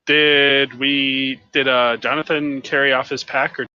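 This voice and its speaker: Young man player, sharp bright voice, dry and a bit muffled, quick jokes. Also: medium pitch, flat delivery, clean tone, no room sound. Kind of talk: casual chat at a tabletop game.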